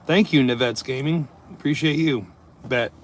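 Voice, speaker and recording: A service plumber chats casually on a live stream from inside his work van, reading viewer comments and joking loosely. His voice is medium in pitch and moves at a normal speed, with a little hiss or hum in the audio.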